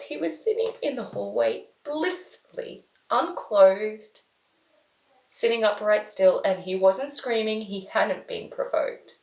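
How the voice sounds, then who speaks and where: A woman, a mother telling a comic true story in an animated, exasperated way. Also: medium pitch, slow. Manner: animated, exasperated, acts out family members. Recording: roomy echo.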